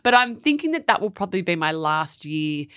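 A woman's voice: lowish voice, a little fast, smooth, no room sound, clean studio sound. A woman, telling a story in casual podcast chat. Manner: animated, laughing storyteller. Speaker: podcast co-host.

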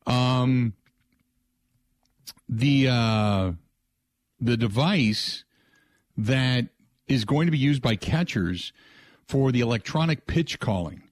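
A man's voice: medium pitch, slow, pauses often, dry recording. A man hosting a sports talk radio show, chatting loosely with restarts and asides. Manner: rambling, frequent restarts and filler asides.

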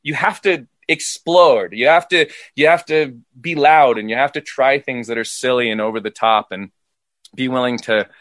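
A man, an impressionist and creator of the show, casually explaining his craft with animated demonstrations. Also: mid-range voice, normal speed, dry recording. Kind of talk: casual interview talk.

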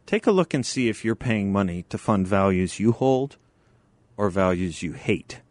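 Low-voiced male talk radio host. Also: no room sound. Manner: direct and emphatic.

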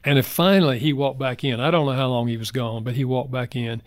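An older man, a guest author, telling personal stories in an earnest, heartfelt way, going soft in emotional moments. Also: medium pitch, fairly even intonation, fast talker, dry recording. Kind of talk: reflective personal storytelling.

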